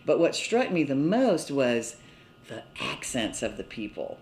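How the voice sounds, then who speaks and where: A woman's voice: very deep voice, big pitch swings, unhurried, a little mellow. An older woman from Mobile, Alabama, being interviewed and reminiscing casually, chatty and laughing often between phrases. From Mobile, Alabama, USA. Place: indoors in a cottage. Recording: roomy echo.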